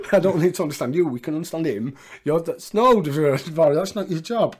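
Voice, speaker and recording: A man's voice: on the high side, lively intonation, brisk, darkish tone, breathy edge. A man co-hosting a podcast, recapping wrestling in casual chat with lots of laughter and quoted lines. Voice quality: laughs often, quotes lines in put-on voices. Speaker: podcast co-host.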